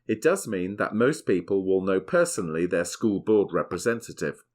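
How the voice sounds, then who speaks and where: Host, middle-aged man, lowish voice, reads a prepared script in a measured way. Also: animated, a little mellow. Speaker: podcast host. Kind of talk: scripted podcast narration and family chat.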